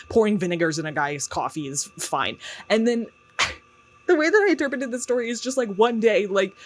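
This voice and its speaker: A man giving casual commentary as a YouTube book reviewer, chatty and sarcastic, with lots of fillers and laughs. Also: high voice.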